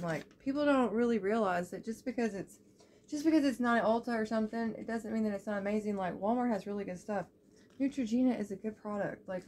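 A young woman, chatting excitedly as she unboxes beauty products, full of "like" and "y'all". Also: medium pitch, a little hiss or hum. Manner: gushing and excitable, lots of "like" and "y'all". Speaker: beauty vlogger. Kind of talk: casual unboxing chat.

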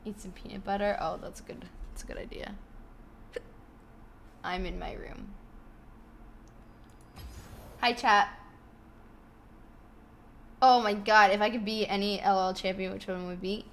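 A woman's voice: mid-range voice, fairly even intonation, unhurried, long pauses, slight background noise. A young woman chatting casually on a live stream from her bedroom, swearing and thanking subscribers while fighting hiccups. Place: home bedroom.

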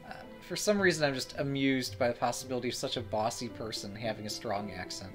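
A man's voice: mid-range voice, animated, brisk, soft background music. A man chatting casually and joking while playing a game on stream. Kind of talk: casual let's-play commentary.

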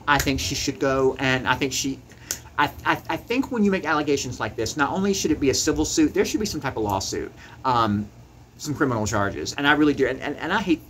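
Male YouTuber, heated to-camera rant, passionate and repetitive, medium pitch. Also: fairly bright tone, a little hiss or hum, rough recording. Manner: heated, emphatic, repeats words when worked up.

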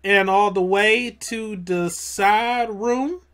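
A woman's voice: medium pitch, slow, a bit bright. A woman giving casual, rambling, giggly commentary as a let's play host. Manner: giggly, rambling, self-amused.

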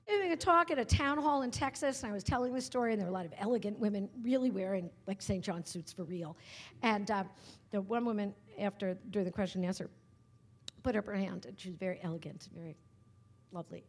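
In a lecture hall at a writers' workshop, a woman humorist delivers a conversational public talk full of stories to a live audience, frequently adding asides to her points. Her voice is medium-pitched, fairly quick, and slightly rough.

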